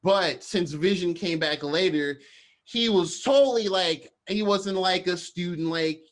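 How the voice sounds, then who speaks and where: A man co-hosting a podcast, chatting casually and rambling through scenes while acting out bits in quick voices. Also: high-pitched. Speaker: podcast co-host.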